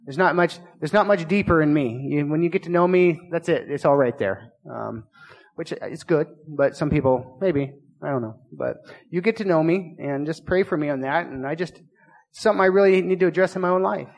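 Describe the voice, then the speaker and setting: Guy pastor preaching, earnest and kinda confessional, repeats himself a lot, slightly high voice, long echo in the church. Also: brisk, gravelly. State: recovering from illness. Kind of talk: sermon. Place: small church.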